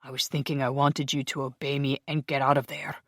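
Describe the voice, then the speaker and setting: An audiobook narrator voicing a gruff, bossy male vampire soldier from the Highlands who speaks with a Scottish brogue, growling and curt. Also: flat delivery, brisk, fairly bright tone, dry recording, clean studio sound, lightly acted.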